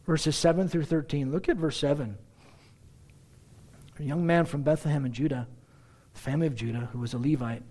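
A man preaching a verse-by-verse sermon with sarcastic asides and rhetorical questions, swinging between loud exclaims and hushed asides. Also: on the high side, steady tone, fairly quick, pauses often. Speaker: pastor. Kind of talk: expository sermon.

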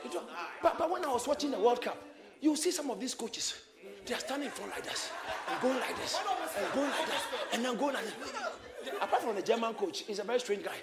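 A man preaching a sermon, shouting and exhorting his congregation in call-and-response. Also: very high voice, animated, a little fast. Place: church hall with congregation. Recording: echoey church hall, crowd behind.

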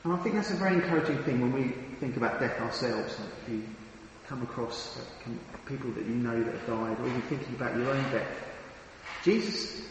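A man's voice: mid-range voice, fairly quick, a little hiss or hum. A man preaching a sermon, earnest and emphatic, often restarting and repeating his words. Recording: very echoey hall with long reverb.

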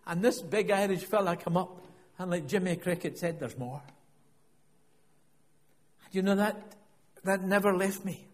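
A man's voice: sits high, fairly even intonation, moderate pace, big-room sound. A middle-aged man preaching a sermon, telling a personal story in a reflective way and often repeating and restarting his words.

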